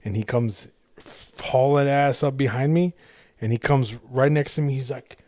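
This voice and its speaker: A man co-hosting a casual podcast, swearing freely and stumbling through restarts as he tells a story. His voice sits at an ordinary middle pitch. The sound is dry and close, with no room around it. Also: normal speed, no echo. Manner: profane storytelling with many restarts; acts out shouted road-rage quotes. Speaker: podcast co-host. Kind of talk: casual chat.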